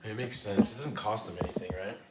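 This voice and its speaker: A man's voice: lowish voice, quick pace, roomy sound, heavy background noise. A man hosting a casual live stream from the United States, chatting with viewers and answering their comments, with lots of "like" fillers. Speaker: live-stream cooking host.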